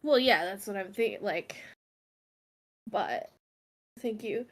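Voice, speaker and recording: A woman's voice: mid-range voice, lively intonation, slow. A woman player on a voice call, thinking aloud in a rambling, joking way. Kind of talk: casual tabletop chat. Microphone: home mic on a video call.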